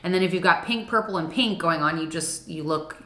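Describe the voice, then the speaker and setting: A young woman talks casually through a makeup review, chatty and self-deprecating, with plenty of "like" fillers. Her voice sits a little low but has a bright, forward tone. The room gives it a noticeable echo. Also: brisk, slight background noise. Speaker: beauty vlogger. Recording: echoey room.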